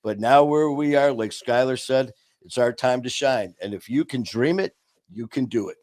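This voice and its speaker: A man co-hosting a casual recovery talk show, speaking earnestly and telling personal stories, dropping quieter on painful moments. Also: mid-range voice, moderate pace, no echo. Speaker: podcast co-host.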